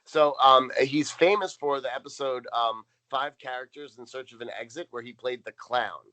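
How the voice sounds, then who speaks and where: Male co-host, bright voice, casual rambling recap. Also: medium pitch, normal speed, poor audio. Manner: rambling, reads out notes with frequent ums. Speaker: podcast co-host. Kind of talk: casual chat recapping a sitcom episode.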